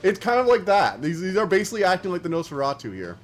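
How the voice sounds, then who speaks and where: A man streaming a game, chatting casually and rambling, talking fast and slurring his words together. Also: high voice, very animated. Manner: chatty and rambling, many fillers. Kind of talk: casual live-stream chat while gaming.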